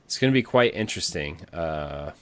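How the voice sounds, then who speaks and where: A man's voice: low-pitched, lively intonation, normal speed. A man hosting a casual podcast, talking loosely with lots of fillers and restarts. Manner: rambling with many fillers and restarts. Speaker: podcast host.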